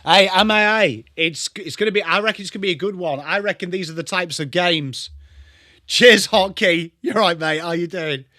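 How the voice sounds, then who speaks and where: An English man hosts a live football watchalong stream, chatting away and calling out viewers by name in bursts of excitement. His voice sits a touch high with a bright, ringing edge, at a moderate pace. The sound is close and dry with no echo.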